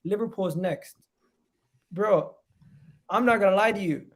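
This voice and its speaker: A man hosting a casual football chat show, reading out viewers' predictions in an animated way. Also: sits high, a little slow. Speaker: podcast host.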